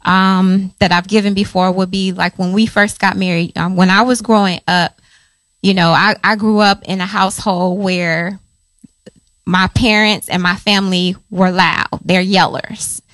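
A woman in her forties sharing a personal story in a sermon in a chatty, animated way. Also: medium pitch, unhurried, no room sound. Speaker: pastor's wife, co-speaker.

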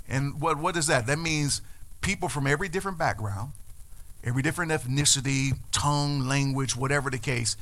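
A man's voice: on the high side, brisk, bright, forceful tone. A man preaching a sermon, explaining scripture and building to emphatic, repeated declarations. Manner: preaching with rising emphasis and repetitions. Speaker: pastor.

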